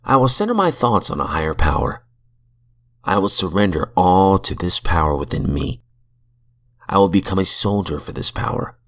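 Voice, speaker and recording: A man reading aloud from a recovery book in a measured, earnest way, with brief asides, into a close mic in a small room. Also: sits low. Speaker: reader of recovery literature.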